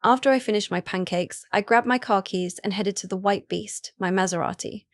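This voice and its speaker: A woman's voice: mid-range voice, moderate pace, no echo. A woman narrating a first-person story in a casual, chatty way with asides to the listener.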